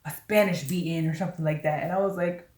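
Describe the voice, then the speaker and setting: A woman vlogger casually telling a story, animated and laughing, acting out what people said. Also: sits low, fast talker, distant mic. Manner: animated, laughing, acts out quotes with "I was like". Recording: roomy echo, voice away from mic.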